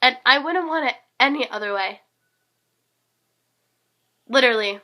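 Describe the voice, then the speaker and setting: Teenage girl, hoarse, high-ish voice, sharp and bright tone, rambling gushy vlog chat. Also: animated, measured pace. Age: teens. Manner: rambling, gushing, many fillers. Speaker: concert fan vlogger. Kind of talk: casual vlog recap.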